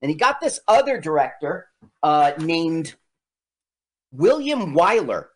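A man's voice: on the high side, takes it slowly. A man co-hosting a casual talk show, retelling an old film's backstory and acting out the people in it. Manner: animated, acts out quotes in shifting voices. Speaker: podcast co-host. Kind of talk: casual chat recapping an old film.

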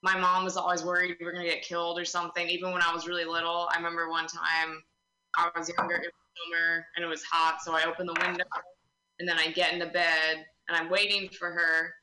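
Deadpan young woman telling stand-up jokes. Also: fairly low pitch, fast, echoey room, poor audio. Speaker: stand-up comedian. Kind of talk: stand-up comedy set.

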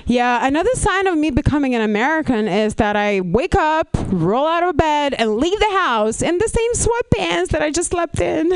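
A woman with a Russian accent, in her thirties, performing a stand-up comedy set with deadpan punchlines and a gruff put-on voice for jokes. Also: high-pitched, normal speed, hardly any pauses, no room sound, rough recording. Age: 30s.

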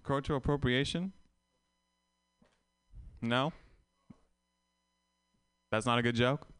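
A man's voice: medium pitch, takes it slowly, a bit bright, smooth, no room sound. A young Vietnamese-born man doing a stand-up set, wry and self-mocking, rambling into asides to the crowd. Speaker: stand-up comedian.

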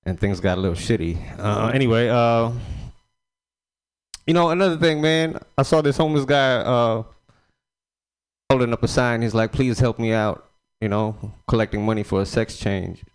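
Smooth-voiced male stand-up comic. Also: medium pitch, moderate pace. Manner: loose, rambling, crude punchlines. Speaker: stand-up comedian. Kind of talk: stand-up set.

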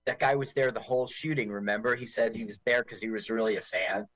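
A man's voice: lowish voice, fast, low-quality recording. A man co-hosting a podcast, chatting casually and jokingly while watching a movie together. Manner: animated, jokey, mimics lines in silly voices. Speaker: podcast co-host.

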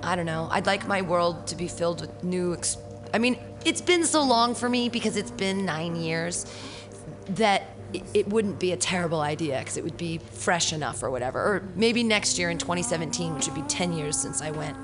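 Woman, lowish voice, reflective, halting, repeats words, casual radio chat, faint music. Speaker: radio show co-host.

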